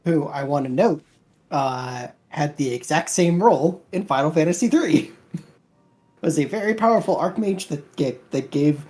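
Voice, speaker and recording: A man on a gaming stream explaining game lore casually, hesitant and halting. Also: a little high, darkish tone.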